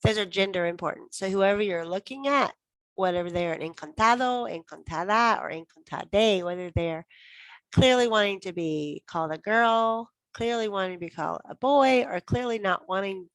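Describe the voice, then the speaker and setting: A woman teaching a casual Spanish lesson into her phone, repeating phrases slowly with sudden high bursts. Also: no room sound. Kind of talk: casual online language lesson.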